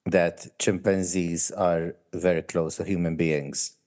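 Male podcast co-host, Maltese accent, low voice, casual code-switching chat. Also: little pitch movement, takes it slowly, a little mellow. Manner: chatty, switches between English and Maltese mid-sentence. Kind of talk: casual chat about a reality show.

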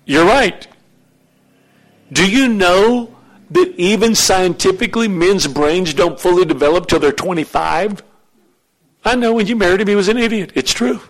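A man preaching a sermon as pastor, animated and joking with his congregation in a church. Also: sits high, moderate pace, low-quality recording.

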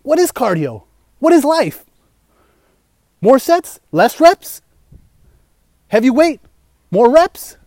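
A man's voice: high voice, sing-song, brisk, long pauses, mellow, no room sound. A man voicing a confused gym newcomer who hesitates and then fires off anxious questions. The recording is close and dry. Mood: bewildered.

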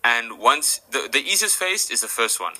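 A podcast guest with a medium-pitched, husky, sharp voice tells stories at normal speed in a very animated, casual way, and the audio is poor. He rambles with lots of fillers and acts out the people he quotes.

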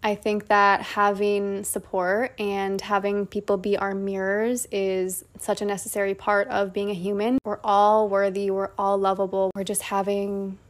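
A woman's voice: medium pitch, monotone, measured pace, few pauses. Woman podcast host, casual and reflective, sincere tone. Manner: earnest and reflective, then giggly. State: voice strained at the end. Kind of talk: casual chat. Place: in a bed at home.

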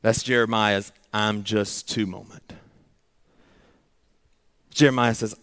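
A man's voice: lowish voice, fairly even intonation, slow, long pauses, fairly bright tone, clear, resonant tone. A man preaching a sermon, earnest and dramatic, acting out pleading prayers in short repeated phrases.

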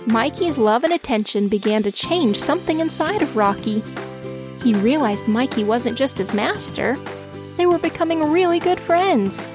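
A woman narrating a children's storybook in a gentle, expressive way. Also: high voice, moderate pace, over music.

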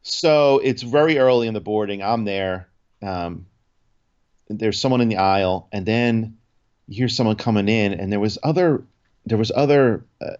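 A man's voice: fairly low pitch, dull audio. A man co-hosting a podcast, telling a story in casual chat with lots of restarts and fillers. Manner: animated storytelling, many restarts and 'like'. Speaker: podcast co-host.

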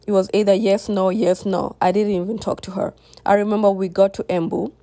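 A woman's voice: mid-range voice, flat delivery, fairly quick, dark tone, no room sound. A young woman telling a personal story to her viewers in a candid, reflective way. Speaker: vlogger. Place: home near a busy road.

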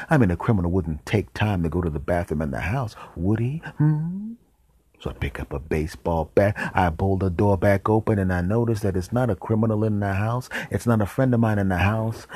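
A man hosting a podcast, telling an absurd comedic story in a deadpan, rambling way and switching into voices for the characters. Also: sits low, slightly rough, no echo. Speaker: podcast host.

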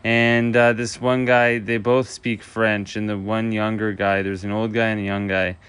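A man's voice: fairly low pitch, flat delivery, normal speed, a bit bright, clear, resonant tone. A man hosting a casual solo podcast from an empty house, rambling loosely with lots of filler words. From Canada. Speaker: podcast host.

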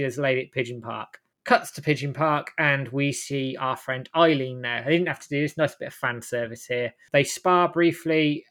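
A man's voice: mid-range voice, fairly bright tone. A man casually retelling a story's scenes as host, rambling and often correcting himself. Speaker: host recapping a game. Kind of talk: casual chat.

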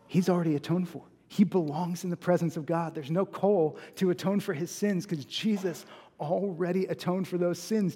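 A man's voice: high voice, mellow, husky. Earnest preacher man in a reverberant hall. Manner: earnest, builds to emphatic peaks, slows on key phrases. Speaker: pastor. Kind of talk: sermon.

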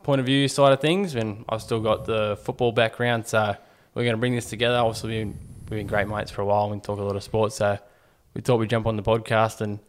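A man's voice: fairly low pitch, flat delivery, fast talker, hardly any pauses. A young man from Newcastle, Australia, with an Australian accent, hosting a casual sports podcast in an easygoing way, with plenty of ums. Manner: easygoing, uses fillers and mate. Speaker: podcast host.

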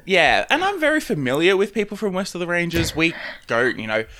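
A man's voice: sits high, big pitch swings, brisk, pushed and bright. A young Australian man hosting a podcast, chatting casually with lots of fillers and small laughs. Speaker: podcast host. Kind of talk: casual interview chat.

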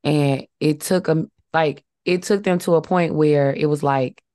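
A woman's voice: sits low, steady tone, a little slow, mellow, no room sound, clean studio sound. A woman co-hosting a faith podcast, talking in an earnest, reflective way with many fillers. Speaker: podcast co-host. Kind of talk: casual faith podcast chat.

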